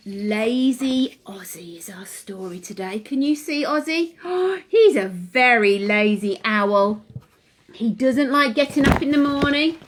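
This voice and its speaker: A woman leading a children's session, reading a picture book aloud in an animated, sing-song way and asking the children questions. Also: on the high side, slow pace, background noise. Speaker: children's class leader. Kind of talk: reading a story to young children.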